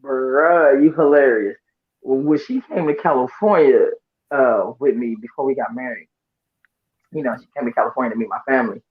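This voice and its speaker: A man chatting casually on a live show, lively and mimicking voices as he tells stories. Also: medium pitch, normal speed. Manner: animated, mimics voices when quoting people. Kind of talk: casual chat. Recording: muffled lo-fi remote audio.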